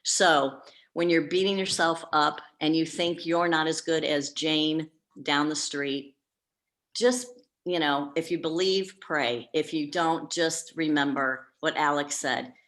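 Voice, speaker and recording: A woman's voice: low voice, steady tone, slow pace, fairly bright tone. A woman who works as a professional organizer, candidly telling a story in a group meeting with plenty of fillers. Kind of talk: casual group meeting talk.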